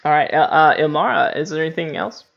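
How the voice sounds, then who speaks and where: A man's voice: a little high, expressive, fast, gravelly, a bit bright. A man narrating as dungeon master, chatty and full of fillers and laughter. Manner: laughs often, many fillers. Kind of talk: narrating a tabletop game. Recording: dull lo-fi stream audio.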